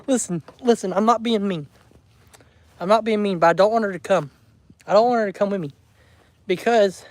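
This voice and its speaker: Chatty high-voiced man rambling to viewers. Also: darkish tone, dry recording. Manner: rambling, chatty, laughs often, talks to viewers as y'all. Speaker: homestead vlogger. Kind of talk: casual livestream chat. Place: indoors at home.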